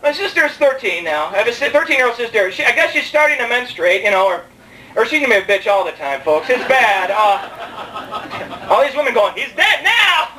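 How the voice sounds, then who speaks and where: High-voiced young man doing stand-up. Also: expressive, fairly quick, pushed and bright. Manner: rambling, self-mocking, jokes with the crowd. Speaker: stand-up comedian. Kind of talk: stand-up comedy set. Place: comedy club stage. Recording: distant mic in a live club, faint room ambience.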